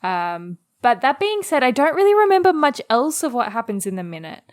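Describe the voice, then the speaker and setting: A woman's voice: high-pitched, very animated, a little fast. A woman co-hosting a podcast, chatting casually and giggling often while recapping an anime episode. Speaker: podcast co-host.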